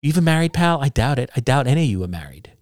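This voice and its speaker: A man's voice: mid-range voice, big pitch swings, very fast, dry recording, clean studio sound. Combative middle-aged man hosting a podcast. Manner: sarcastic, combative, self-deprecating. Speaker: podcast host. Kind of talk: solo podcast rant. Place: home basement.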